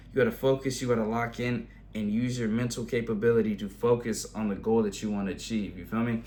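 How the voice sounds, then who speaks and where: A man's voice: medium pitch, a little hiss or hum. A man in his twenties giving a casual motivational monologue in blunt, heavily profane slang, turning intense as he makes his points. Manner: rising, intense when making a point. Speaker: vlogger giving motivational advice.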